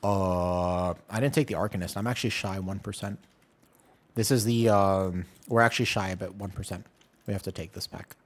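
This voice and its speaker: A man streaming a game, chatting casually with his viewers in quick, jumpy banter. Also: low-pitched. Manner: animated, jumpy banter with chat. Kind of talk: casual chat while gaming.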